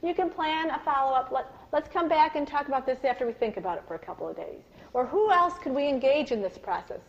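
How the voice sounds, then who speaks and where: Woman presenting a live parenting talk; lively storyteller, slightly high voice, muffled recording. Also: fast. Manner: animated storytelling, acts out quoted voices. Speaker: parenting workshop speaker. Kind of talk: live workshop talk to an audience.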